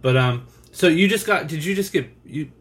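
Bright-voiced man hosting a casual podcast. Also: fairly high pitch, expressive, moderate pace. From United States. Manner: rambling, curious questions with mild swearing. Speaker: podcast host.

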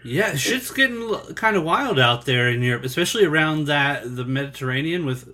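A man's voice: on the high side, animated, fairly quick, sharp tone. A man hosting a casual podcast, asking rambling, curious questions with some mild swearing. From United States. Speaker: podcast host.

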